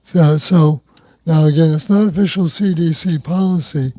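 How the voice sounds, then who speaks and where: A man's voice: on the high side, moderate pace, warm tone. A man hosting a local talk radio show, reading news items in a conversational, wry way.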